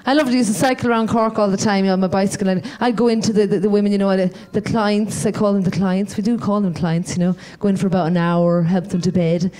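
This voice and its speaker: A woman's voice: mid-range voice, fairly even intonation, fast, few pauses. Irish woman doing rambling stand-up. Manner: rambling, self-deprecating, dark humour. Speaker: stand-up comedian. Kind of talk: stand-up comedy set. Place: live stage at a comedy night.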